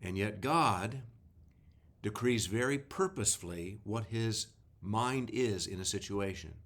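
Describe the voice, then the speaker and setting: Pastor guy doing a devotional, reads scripture real slow and deliberate, lowish voice. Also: animated, a bit bright. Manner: slow, deliberate reading with emphasis. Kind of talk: devotional talk with scripture reading.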